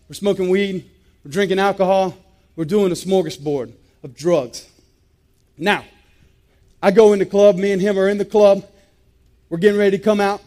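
A man's voice: sits high, steady tone, moderate pace, pauses often, warm tone. A man giving an intense, emphatic personal testimony, repeating phrases for weight. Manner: intense, repetitive, emphatic storytelling. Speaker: testimony speaker.

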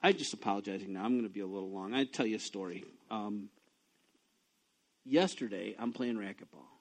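A man preaching a sermon, reading scripture and telling personal stories, swinging from quiet low talk to loud excited bursts. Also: brisk. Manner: reads scripture aloud between personal asides. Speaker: pastor.

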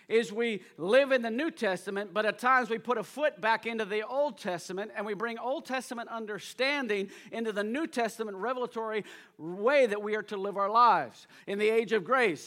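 A male pastor preaching a sermon to a live congregation, energetic and urging the listeners to respond, swinging between loud emphasis and quiet asides. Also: high-pitched. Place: church service before a congregation.

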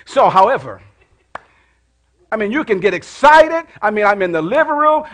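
A middle-aged man preaching a sermon in church, calling out to the congregation and dropping to hushed prayer. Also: very high voice, very animated, moderate pace. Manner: call-and-response preaching, rising to shouts and dropping to hushed prayer. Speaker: pastor.

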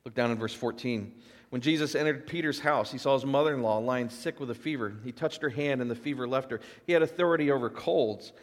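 A man preaches in a relaxed, conversational way, reading verses aloud and breaking off into lively asides. His mid-pitched voice carries a long reverb, as if heard in a large hall. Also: brisk. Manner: animated storytelling with asides and little laughs; casual, conversational preaching with fillers. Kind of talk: sermon reading and explaining scripture.

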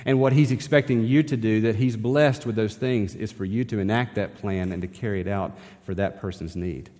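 A man's voice: fairly low pitch, moderate pace, warm tone. A man, preaching a sermon as pastor in a conversational style, often asking the congregation rhetorical questions. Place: church sanctuary. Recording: long hall reverb in a church.

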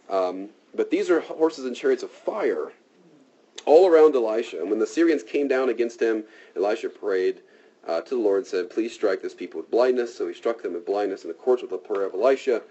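A man's voice: medium pitch, mellow, breathy edge. A man preaching a conversational sermon, casual and talky, often checking in with "right?", in a dull lo-fi recording.

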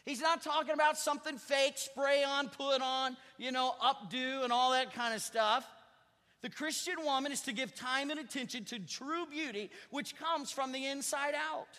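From the pulpit of a church sanctuary, a pastor preaches a sermon conversationally, then leans hard on key words with emphatic rising stresses. His very high voice is bright and cutting, with fairly even intonation at normal speed. The hall's reverb leaves a long trailing echo.

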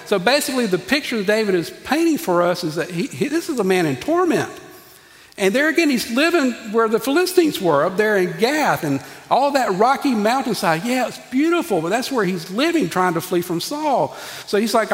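A man preaching a sermon in a church, folksy and animated, talking to the congregation. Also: high voice, a little fast. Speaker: pastor. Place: church sanctuary. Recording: long reverb of a church hall.

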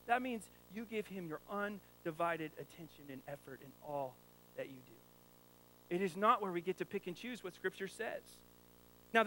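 Man, pastor, high voice, casual joking sermon with rhetorical questions. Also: fairly bright tone, low-quality recording. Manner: conversational, jokey preaching with rhetorical questions.

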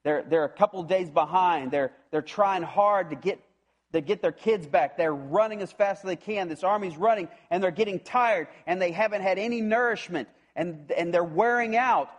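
A man preaching a sermon, retelling a scripture story in an animated way and acting out the voices of its characters. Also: high-pitched, normal speed. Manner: animated storytelling, acts out voices, frequent restarts. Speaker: pastor.

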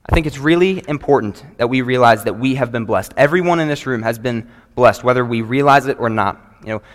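A man preaches earnestly to his congregation, pausing to read scripture aloud in a steady, measured way. His voice sits in a middle register. It rings out with the long reverb of a large church hall. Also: medium pitch. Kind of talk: sermon. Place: church sanctuary before a congregation.

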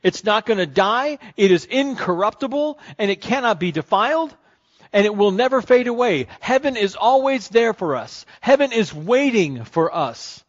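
A man preaching a sermon as pastor, moving between calm teaching and rising, excited storytelling. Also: high voice, moderate pace. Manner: builds from calm teaching to loud excited crowd-cheering passages. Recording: dull lo-fi sermon recording.

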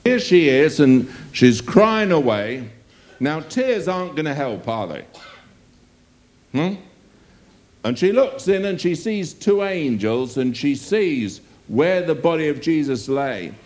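A man preaching a sermon, reading scripture aloud and putting drawn-out rhetorical questions to his listeners. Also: fairly high pitch, sing-song, a little mellow.

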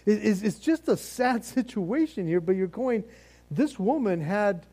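A man reads scripture and then retells it in a playful, chatty way, breaking into laughter as he acts out the characters. His voice sits high for a man and swings widely in pitch. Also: expressive, a little slow, dark tone. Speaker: Bible teacher. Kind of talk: casual Bible teaching.

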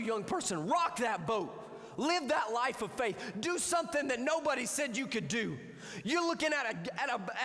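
A man preaching a youth sermon, emphatic and repetitive, working up to shouting. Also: very high voice, in a large hall. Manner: emphatic, repeats phrases, builds to shouting. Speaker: youth pastor.

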